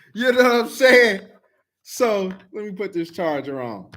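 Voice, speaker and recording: A man's voice: sits high, very animated, slow, fairly bright tone. A man talking straight to camera, blunt, profane and heated, repeating himself to press his point. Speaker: video commenter. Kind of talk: casual talk to camera.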